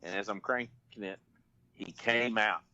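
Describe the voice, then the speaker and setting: A man's voice: lowish voice, a little slow, bright, forceful tone, smooth, no room sound, lo-fi sound. A man telling a rambling, folksy story on a podcast, full of restarts. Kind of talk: casual storytelling.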